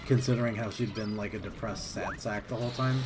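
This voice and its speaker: A man's voice: on the low side, fairly quick, music in the background. A man co-hosting a casual podcast, chiming in with agreement and laughing often. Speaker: podcast co-host. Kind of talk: casual chat.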